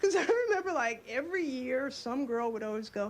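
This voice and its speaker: A young woman performing a stand-up comedy routine, delivering wry, quick punchlines. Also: high voice, lively intonation. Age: young adult. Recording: club stage mic over a laughing crowd.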